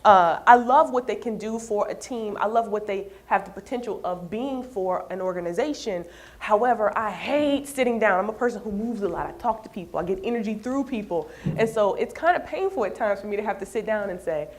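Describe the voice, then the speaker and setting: A woman giving a workplace training talk to a room of staff, lively and conversational, telling stories with quoted dialogue. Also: mid-range voice, moderate pace. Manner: animated, storytelling with acted quotes. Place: room with an audience.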